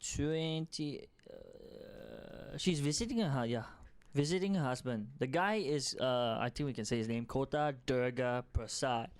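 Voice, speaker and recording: A man's voice: mid-range voice, measured pace, clean tone, no room sound. A man with a Singaporean English accent, a podcast co-host trading jokes in a casual chat. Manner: joking, banters, trails off mid-sentence.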